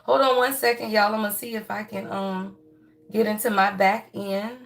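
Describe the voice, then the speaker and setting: A woman's voice: medium pitch, fairly even intonation, normal speed, gravelly, slight background noise. A woman hosting a casual livestream astrology reading, chatty and folksy, who keeps calling her viewers y'all. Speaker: astrology and tarot reading host.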